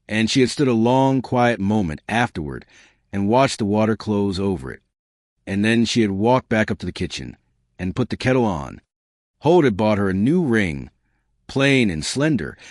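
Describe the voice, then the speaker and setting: A man narrating a scripted western story in a measured, unhurried way. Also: fairly low pitch, dry recording, clean studio sound.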